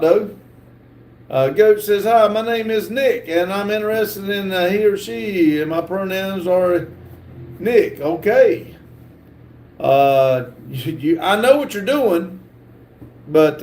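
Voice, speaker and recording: A middle-aged man hosting a livestream, reading viewer comments aloud haltingly and stumbling over words. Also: high-pitched, darkish tone. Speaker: livestream host reading chat. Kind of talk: casual live chat reading.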